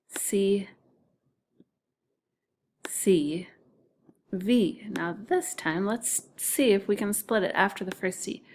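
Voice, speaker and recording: Slow, patient woman teaching phonics. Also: mid-range voice, vocal fry. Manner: slow, patient, sounds words out syllable by syllable; often drops to a whisper for letter names. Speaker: second grade teacher. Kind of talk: recorded phonics lesson.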